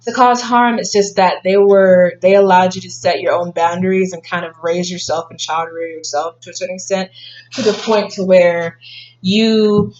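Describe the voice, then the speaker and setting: A woman's voice: lowish voice, fairly even intonation, moderate pace, a little mellow, lo-fi sound. A woman giving a casual tarot reading to her viewers, rambling with many fillers and restarts. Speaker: tarot reader.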